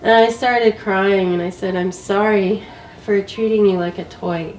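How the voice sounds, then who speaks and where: A woman's voice: medium pitch, steady tone, unhurried, a little mellow, echoey room, distant mic, slight background noise, low-quality recording. A woman who is sick with a cold, telling a casual story about her travels as an interview guest, laughing often.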